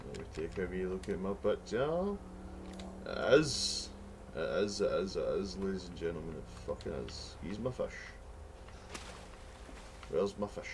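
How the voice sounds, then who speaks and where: A man's voice: deep voice, darkish tone, slight background noise. A young man with a Glaswegian accent giving sweary, rambling commentary while playing a video game. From Scotland. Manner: sweary, rambling, mock-outraged. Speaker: gamer. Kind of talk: let's play commentary.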